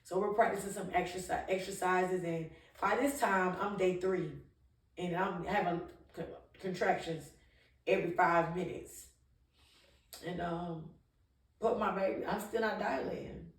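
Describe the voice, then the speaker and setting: A woman's voice: lowish voice, steady tone, measured pace, distant mic. Woman telling her story in an echoey room. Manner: emphatic, conversational, with frequent restarts and laughs. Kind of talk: candid personal storytelling. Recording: echoey room, voice a little off-mic.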